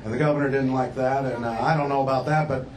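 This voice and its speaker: A man giving a rally speech for governor, telling jokes in a dry, halting way with many fillers. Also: mid-range voice, fairly even intonation, slight background noise. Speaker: candidate for governor speaking at a rally. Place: campaign rally before a crowd.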